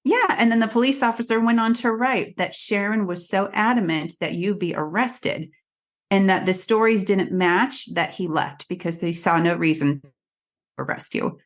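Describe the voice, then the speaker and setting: A woman's voice: medium pitch, moderate pace. Conversational woman interviewer. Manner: conversational, laughs easily. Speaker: interview host. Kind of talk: casual interview.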